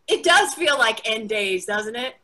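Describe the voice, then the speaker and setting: A young woman from the United States doing a chatty, self-mocking stand-up set over a video call. She acts out the friends she quotes in high, excited voices. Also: poor audio. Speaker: stand-up comic.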